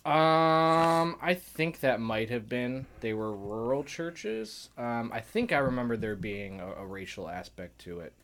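A young man co-hosting a podcast, a lawyer, chatting casually in a careful, measured way. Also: mid-range voice, animated, fairly bright tone. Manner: measured, careful, many short agreements.

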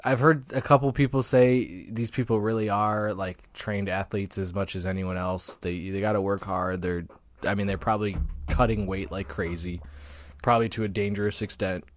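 A man's voice: fairly low pitch, fairly even intonation, moderate pace, dry recording. A man from Ohio co-hosting a casual chat, rambling with fillers and hedges. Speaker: podcast co-host. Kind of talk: casual chat over beers.

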